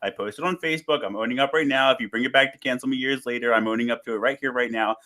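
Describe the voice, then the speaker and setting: A man's voice: mid-range voice, racing, sharp tone. Earnest man hosting a casual podcast. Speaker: podcast host.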